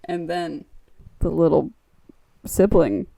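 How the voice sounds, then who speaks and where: A woman's voice: low-pitched, takes it slowly, vocal fry. A woman co-hosting a podcast, retelling an episode in casual chat and acting out the characters' lines. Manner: animated storyteller, acts out the lines, says like often. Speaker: podcast co-host.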